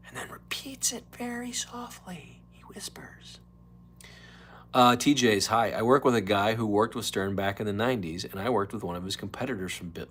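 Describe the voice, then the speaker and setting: Rambling low-voiced man hosting a stream. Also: fairly bright tone, husky. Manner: rambling, chatty, slips into mock whispers and voices. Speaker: live stream host. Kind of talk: casual solo live stream chat.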